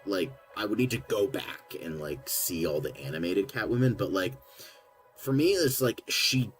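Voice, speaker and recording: Recorded roughly, this podcast co-host is a young man whose voice sits lowish. His talk is a loose, casual chat full of filler words and false starts.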